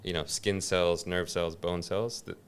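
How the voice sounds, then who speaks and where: A man's voice: deep voice, flat delivery, measured pace, smooth. A man, a podcast guest, talking in an easygoing way with dry teasing humor. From United States. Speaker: guest, executive coach. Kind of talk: relaxed conversational interview.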